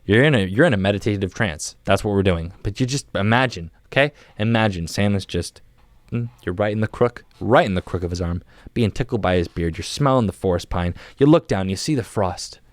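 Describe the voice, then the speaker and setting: A young man on a podcast, talking a listener through a comic mock guided meditation in a soft, drawn-out, playful way, often restarting his sentences. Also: on the low side, no echo. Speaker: podcast guest.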